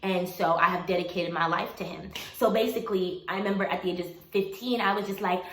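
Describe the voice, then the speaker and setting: A young woman in her twenties casually telling a personal story to camera, animated and laughing often as she acts out what people said. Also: medium pitch, fairly quick, hardly any pauses. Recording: echoey room with faint noise.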